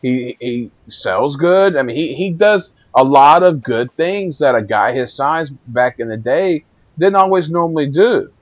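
A man's voice: on the high side, lively intonation, unhurried, no room sound, muffled recording. A man hosting a casual chat, hesitant and repeating words as he asks his guests questions.

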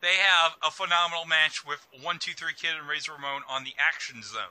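Bright-voiced eager man. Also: on the high side, steady tone, brisk, clear, resonant tone, no echo, rough recording. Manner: eager, rambling with fillers. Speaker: wrestling podcast co-host. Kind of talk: casual chat.

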